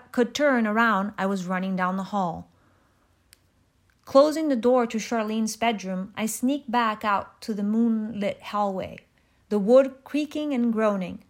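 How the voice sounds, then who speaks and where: A woman reading a first-person story aloud in a measured, reflective narration. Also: mid-range voice. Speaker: audiobook narrator. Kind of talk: scripted narration.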